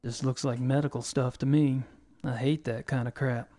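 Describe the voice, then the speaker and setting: A man's voice: mid-range voice, fairly even intonation, moderate pace, mellow, close to an everyday voice. An actor playing a wry American male occult investigator who makes dry, sarcastic remarks.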